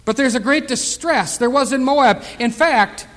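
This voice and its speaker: Male pastor, high voice, Bible-study sermon, slow emphatic scripture reading, chatty asides, reverberant room. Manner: reads scripture slowly and loudly, chats and chuckles between verses. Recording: long reverb of a hall.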